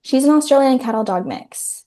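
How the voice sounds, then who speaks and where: A woman talks casually as a podcast guest, her voice sitting fairly high. She rambles a little, with many "like"s and "um"s, heard over a video call. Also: expressive, moderate pace. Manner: chatty, warm toward her dog, frequent "like" and "um". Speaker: podcast guest, content creator. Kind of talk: casual interview chat.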